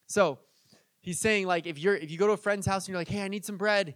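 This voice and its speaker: A man's voice: sits high, fairly even intonation, quick pace, a bit bright, no echo, clean studio sound. A young man preaching a casual, conversational sermon as pastor, telling stories and acting out the people he quotes. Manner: chatty, storytelling, acts out quoted voices.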